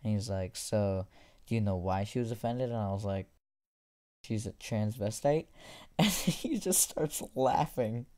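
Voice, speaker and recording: A man's voice: on the low side, a little slow, mellow. A teenage boy casually retelling a school story, rambling with many fillers. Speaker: storytime YouTuber.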